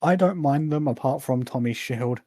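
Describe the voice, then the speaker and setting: A man chatting casually on a podcast, chiming in with easygoing remarks. His voice is mellow and warm, recorded dry with no room sound. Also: mid-range voice, normal speed, dry recording. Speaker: podcast co-host. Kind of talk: casual chat.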